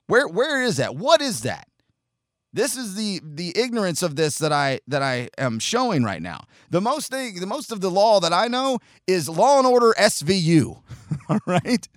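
A man with a somewhat high, lively voice, ranting casually as a podcast host. He rambles, swears freely and pokes fun at himself. The sound is dry, with no room echo. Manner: rambling, self-deprecating, profane. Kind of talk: casual opinion monologue.

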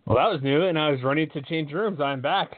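A man's voice: a little high, brisk, no room sound. A man hosting a sports podcast in casual chat, rambling with frequent restarts. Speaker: podcast host. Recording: dry, tinny phone-like line.

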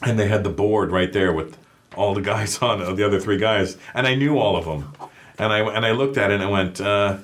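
A man's voice: on the low side, brisk. A Canadian man, a comedian guest, telling stories in casual chat and acting out his own lines in raised voices.

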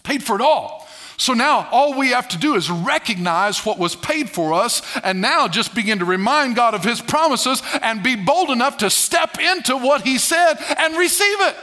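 A male pastor preaching a sermon to a congregation, emphatic and animated, laughing as he goes. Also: very high voice, moderate pace, hardly any pauses.

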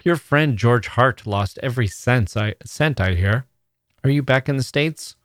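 A man reading the part of a wistful, chatty bartender who talks slowly and sadly. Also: medium pitch, animated, a bit bright, no room sound, clean studio sound, pitched above the performer's own voice. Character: wistful older male bartender, sad and chatty.

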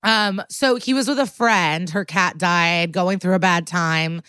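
A woman's voice: lowish voice, measured pace, sharp tone, smooth, no room sound, studio quality. A woman co-hosting a podcast, chatting casually as she retells a TV episode scene by scene and slips into quoted voices. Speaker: podcast co-host.

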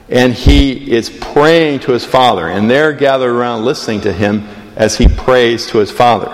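A man in his fifties giving a conversational sermon as a priest, rising with emphasis on key phrases. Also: medium pitch. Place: church. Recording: long church reverb.

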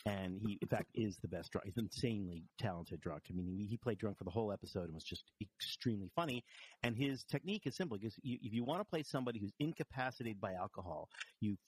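A man's voice: on the low side, animated, fast talker, slightly rough. A man recovering from vertigo, telling wry, self-deprecating anecdotes in casual chat, with frequent restarts. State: recovering from vertigo, a bit wobbly.

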